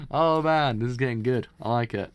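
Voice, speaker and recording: Excitable, swearing manga stream host. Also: male voice, mid-range voice, clean tone. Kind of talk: live manga reading and reaction.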